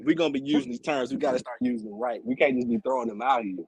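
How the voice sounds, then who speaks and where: A man's voice: medium pitch, sing-song, very fast, creaky, crowd noise. A man talking earnestly in a casual livestream chat, repeating his points to drive them home.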